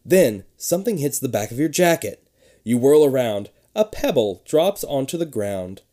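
A host reading a children's spooky book aloud in a mellow, darker voice, stopping to make sarcastic jokes. The pitch swings widely from line to line. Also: very animated, normal speed. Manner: sarcastic, breaks off the reading to mock the story. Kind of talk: comedic read-aloud with joking asides.

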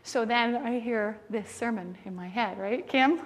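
Speaking at a fairly high pitch, a bit slowly and with few pauses, a woman in her thirties delivers a sermon in a church sanctuary. She is an animated storyteller who acts out family members' words, and the hall's reverb and faint room noise come through.

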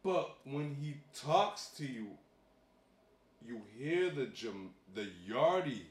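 A man of Barbadian and Jamaican background chatting casually as a comedian and co-host, telling profane, animated stories with lots of restarts. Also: medium pitch, slow, reverberant. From Barbados and Jamaica heritage. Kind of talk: casual chat.

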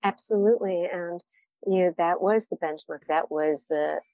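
A woman's voice: lowish voice, normal speed, dark tone, no room sound. A woman wine writer answering interview questions, candid and reflective, often laughing at herself.

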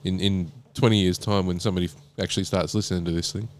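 A laid-back Australian man with a low, deep voice, chatting easily as a podcast co-host. He laughs often and keeps the talk loose and unhurried. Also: steady tone, a little mellow, slight background noise. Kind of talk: casual chat. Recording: podcast mic in a small room with a humming air conditioner.

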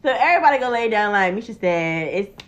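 A woman's voice: medium pitch, animated, fast. A young woman telling a story in casual chat, acting out the quotes and swearing freely. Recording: dull lo-fi recording.

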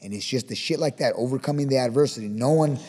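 A man who coaches boxing, talking fast in a casual podcast interview, swearing freely and acting out the shouts he gives his fighters. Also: medium pitch, in a large hall, crowd noise. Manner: profane, fired-up, acts out shouted coaching.

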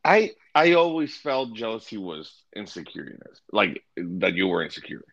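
A man's voice: lowish voice, big pitch swings, moderate pace, a bit bright, no room sound, lo-fi sound. A man co-hosting a podcast in casual chat, easygoing and hesitant with ums. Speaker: podcast co-host.

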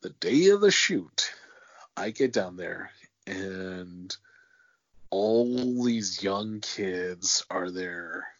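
A man's voice: low voice, animated, very slow, no echo, muffled recording. A man hosting a casual interview, telling long rambling stories full of fillers and casual swearing. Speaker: podcast host.

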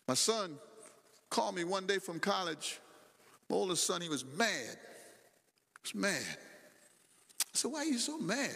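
Man, middle-aged, pastor, sermon, repeats his points, very lively pitch, long reverb of a church hall. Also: unhurried, gravelly, long pauses, husky. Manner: animated preaching, repeating phrases, acting out dialogue. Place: church sanctuary.

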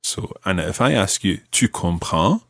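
A man hosting a podcast language lesson, teaching patiently and slowing down to spell out each phrase. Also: deep voice, expressive, fairly bright tone, dry recording, clean studio sound.

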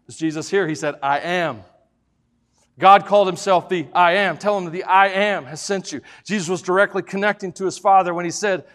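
A man preaching a sermon in church as pastor, swinging between loud preaching and quiet, joking asides. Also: sits high.

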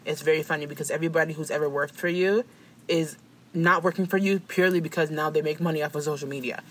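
A woman in casual gossip chat, animated and profane, often acting out quoted voices. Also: deep voice, fast, a little hiss or hum.

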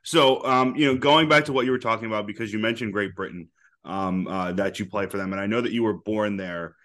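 Halting man hosting a podcast. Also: on the low side, fairly bright tone. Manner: halting, many fillers and restarts. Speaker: podcast host. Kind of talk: casual podcast interview.

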